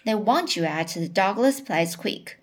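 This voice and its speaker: Solemn, dry-humored country man, as a woman reads him, unhurried. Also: mid-range voice, expressive.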